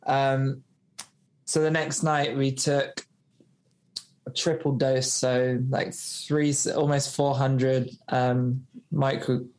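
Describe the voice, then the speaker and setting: A British man guesting on a podcast tells a personal story in a loose, rambling way, packed with fillers and acted-out dialogue. His mid-range voice has a darkish tone and little pitch movement, and he takes his time. There's a faint hiss or hum on the recording.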